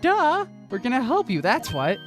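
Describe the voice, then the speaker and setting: A streamer voicing an excitable young female assistant in a game, loud and teasing. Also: normal speed, music in the background. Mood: eager. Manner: excitable, high-pitched outbursts. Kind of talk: voice acting while playing a game.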